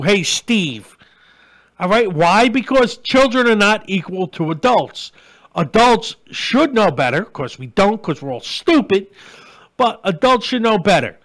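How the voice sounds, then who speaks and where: A middle-aged man hosts his own live online show, talking straight to his viewers in a blunt, crude, ranting way. His voice sits high for a man. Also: fairly bright tone. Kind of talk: live-stream rant and chat.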